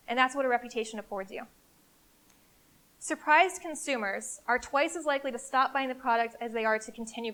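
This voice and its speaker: A woman giving a live business presentation to an audience in an event room, in an energetic, conversational and emphatic way. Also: fairly high pitch. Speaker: CEO giving a marketing presentation. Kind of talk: live conference talk.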